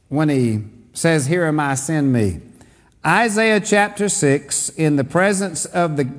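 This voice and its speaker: A man, a pastor, leading a Bible study, reading scripture aloud and then explaining it plainly. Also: a little high. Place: church. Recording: church hall reverb.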